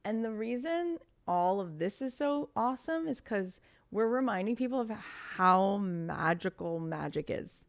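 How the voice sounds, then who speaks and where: A woman in her thirties, a podcast guest telling stories in casual conversation, chatty and animated with lots of fillers. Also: mid-range voice, a little slow.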